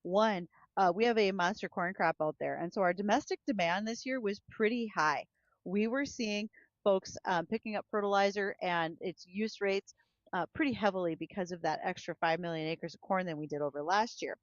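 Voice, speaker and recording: A woman's voice: medium pitch, moderate pace, dry recording, muffled recording. A woman co-hosting a farm and weather show, chatting and giving a market report. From North Dakota. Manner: chatty, laughs easily, storytelling. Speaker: agriculture director and co-host. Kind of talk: casual on-air chat and farm market report. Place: broadcast studio.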